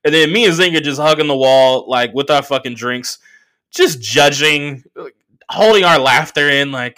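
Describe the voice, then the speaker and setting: A man from the Bay Area hosting a solo podcast, telling stories in a loose, profane, animated way and laughing often. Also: medium pitch, normal speed. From San Francisco Bay Area. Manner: animated, profane storytelling with mocking voices and laughs. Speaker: podcast host. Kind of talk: casual solo podcast monologue, storytelling.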